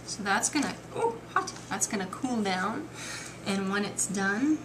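A woman's voice: medium pitch, lively intonation, a little slow, noisy background. A woman hosting a casual home cooking video, chatty and enthusiastic as she works in her kitchen.

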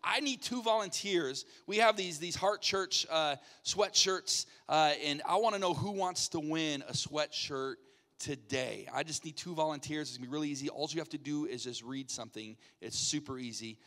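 A man, a pastor, playfully hosting a game from the stage, coaxing people up with quick jokey asides. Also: a little high, a bit bright. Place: church sanctuary. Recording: reverberant church hall.

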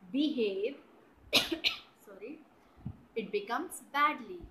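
A woman with an Indian English accent teaching grammar to children, spelling out words and often checking with "right?" and "clear?". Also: a little high, bright, forceful tone, slight background noise, low-quality recording. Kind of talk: slow, deliberate grammar lesson for children.

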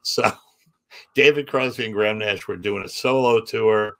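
Man telling animated stories, bright tone. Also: fairly low pitch, moderate pace. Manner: animated anecdotes with acted-out quotes and laughs. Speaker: comedian and magician guest. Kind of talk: casual storytelling interview.

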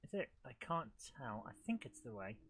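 A man's voice: mid-range voice, sing-song, fairly quick, fairly bright tone, slight background noise. A middle-aged man hosting a live let's-play, chatting and joking at his own expense. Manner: chatty, self-deprecating, talks to the game. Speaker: host of a retro gaming channel.

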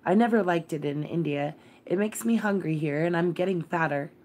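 Timid anxious little girl, tremulous and stiff, read by a woman with a low voice. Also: brisk, a little mellow, lightly acted. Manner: faltering, tremulous pleading.

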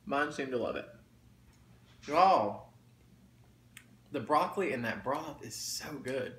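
A man's voice: mid-range voice, expressive, slow pace, a bit bright. A man chatting casually to viewers while eating, folksy and talkative. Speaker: mukbang vlogger. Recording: roomy echo, faint background noise.

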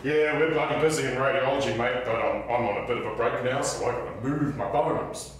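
A man's voice: medium pitch, a little fast, slight background noise, close to an everyday voice. A man playing a brash, boastful young New hospital worker who laughs at his own jokes, in a solo stage play. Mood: cocky. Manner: blokey, laughs at his own jokes, says mate a lot. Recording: roomy stage from far off.

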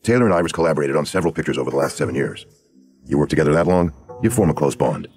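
A man narrating a true crime podcast in a brisk, hard-boiled storytelling manner. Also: very deep voice, animated, darkish tone, soft background music.

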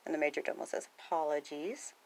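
A woman's voice: fairly low pitch, normal speed. A woman casually reading a picture book aloud, chatting, laughing and gasping between pages. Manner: chatty, often laughs and gasps, lively character lines. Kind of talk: casual read-aloud with commentary.

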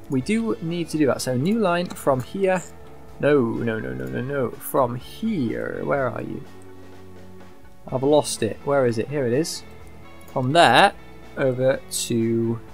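Chatty man narrating a game. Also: a little high. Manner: chatty, thinks aloud, excitable outbursts. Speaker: gaming YouTuber. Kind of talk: casual let's-play commentary.

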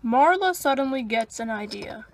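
A woman's voice: on the high side, expressive, normal speed. A young woman narrating a toy pet skit in a mock-documentary manner. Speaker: narrator, channel creator. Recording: music playing underneath.

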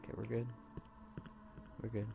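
A man's voice: moderate pace, background noise. A young man commentating a horror game, jumpy and swearing when scared. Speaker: gameplay commentator.

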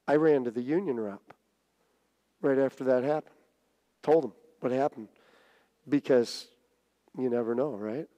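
A middle-aged man preaching a sermon, telling a story with stammers and restarts and big swings in pitch. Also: dark tone. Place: church sanctuary. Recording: church hall reverb.

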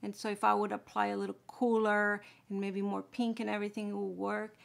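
A woman's voice: mid-range voice, little pitch movement, fairly quick, creaky. A woman chatting casually through a makeup tutorial, explaining each step as she applies it. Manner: chatty, explaining steps while applying makeup. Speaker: beauty vlogger.

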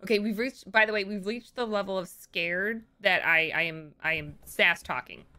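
A woman streaming a horror game, panicking out loud, swearing, repeating herself and dropping to whispers. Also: mid-range voice, fairly even intonation, normal speed. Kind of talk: live horror game commentary.

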